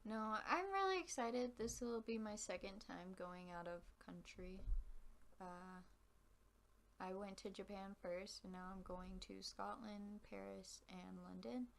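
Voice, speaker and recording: A woman's voice: mid-range voice, unhurried, creaky, a little hiss or hum. A young woman co-hosting a casual podcast, chatting and telling stories with lots of giggles. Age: young adult. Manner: giggly, animated storytelling. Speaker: podcast co-host. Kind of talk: casual chat.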